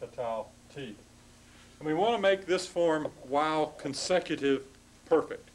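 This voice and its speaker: Man lecturing with halting restarts. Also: a little high, lively intonation, a little hiss or hum, rough recording. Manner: explanatory, halting, with frequent restarts and "okay?" checks. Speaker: Hebrew teacher. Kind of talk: classroom lecture.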